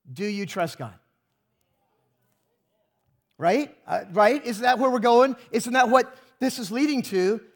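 Pastor guy giving a sermon, pretty high voice, talks slow, keeps asking the crowd questions. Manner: emphatic preaching with rhetorical questions and self-deprecating humor.

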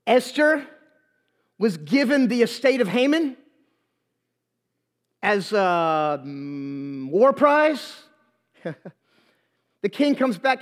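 High-voiced preacher retelling a story with humor. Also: male voice, extremely slow, pauses often. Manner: lively, humorous, slangy retelling. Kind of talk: storytelling sermon. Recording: long hall reverb.

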